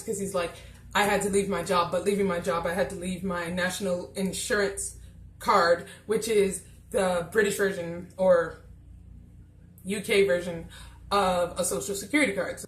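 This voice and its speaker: Brief: woman, casual vlog reviewer, chatty and exasperated, in a roomy echoey room. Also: medium pitch. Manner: chatty, exasperated, acts out scene dialogue.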